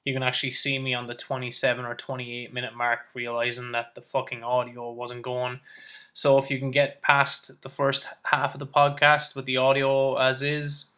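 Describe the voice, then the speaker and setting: Profane, rambling male podcast host, bright tone. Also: mid-range voice, monotone, moderate pace. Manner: loose, rambling and heavily profane. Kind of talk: casual podcast chat. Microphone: camera microphone. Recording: roomy, distant camera-mic audio.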